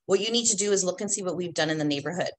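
Lower-voiced woman coaching agents. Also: racing, slight background noise. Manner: chatty, emphatic, tags points with "right?". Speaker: real estate trainer. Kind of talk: instructional talk to agents.

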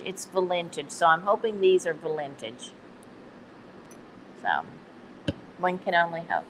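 A woman's voice: medium pitch, a little hiss or hum, low-quality recording. A woman with a Texan accent hosting a casual live stream, chatty and self-deprecating, laughing at her own slips. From Texas.

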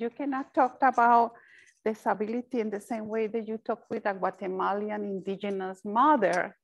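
Earnest woman speaking haltingly. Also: medium pitch, fairly even intonation, slight background noise, poor audio. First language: Spanish. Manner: earnest, halting, with frequent restarts and repeated words; mixes Spanish phrases into English. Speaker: advocate speaking to service providers. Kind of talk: panel talk.

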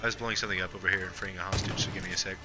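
A man's voice: deep voice, steady tone, music in the background. A man playing a video game with a friend on a headset, chatting casually, swearing and defending how he talks. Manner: defensive, swears, quick to argue. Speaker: co-streamer. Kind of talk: casual gaming chat.

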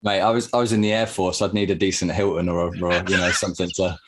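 A man's voice: deep voice, little pitch movement, fast talker, very noisy. A British man in his thirties, a podcast guest chatting casually and laughing often. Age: 30s. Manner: laid-back, laughs often, says mate a lot. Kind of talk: casual chat.

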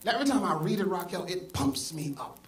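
A male pastor preaching a sermon, swinging from soft asides to loud exclamations. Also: high-pitched, animated, fairly quick, recorded from a distance. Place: church sanctuary. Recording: echoey church hall, mic from afar, congregation audible. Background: congregation.

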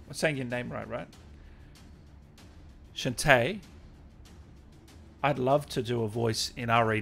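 A man's voice: medium pitch, fairly bright tone. A man hosting a gaming livestream interview, chatting casually, reading out viewer comments and laughing often.

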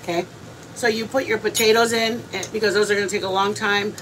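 A chatty woman hosts a relaxed cooking livestream from her home kitchen, talking viewers through each step as she eats. Her voice sits mid-range. Steady household background noise runs underneath. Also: mid-range voice, fast, low-quality recording. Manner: chatty, explains steps to viewers. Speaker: cooking channel host. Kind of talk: casual livestream chat.

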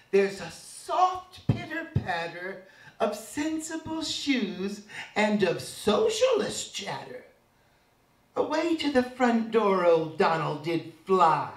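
Campy drag performer reciting rhyming verse. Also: male voice, very high voice, bright, forceful tone. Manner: campy, mocking storyteller delivery. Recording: echoey room, voice from a distance.

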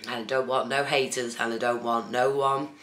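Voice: medium pitch, steady tone, normal speed, a bit bright. A host chatting casually on a phone live stream, talking to viewers in the chat by name. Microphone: phone camera. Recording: roomy with faint background noise.

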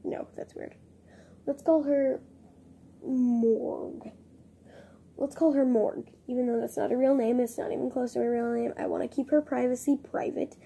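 A woman's voice: a little high, steady tone, normal speed, gravelly, dark tone, husky. A young woman vlogging casually, chatty and giggly, rambling and poking fun at herself. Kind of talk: casual vlog chat.

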